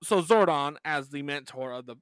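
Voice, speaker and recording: A man co-hosting a casual fan podcast, laid-back and quick to laugh. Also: fairly high pitch, animated, a bit bright, smooth, no echo. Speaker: podcast co-host.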